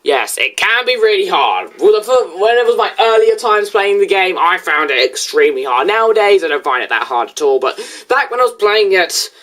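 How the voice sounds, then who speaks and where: A woman's voice: medium pitch, sing-song, fairly quick, few pauses, fairly bright tone. A woman hosting a reaction video, talking in a casual, chatty, defensive way. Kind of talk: casual spoken commentary.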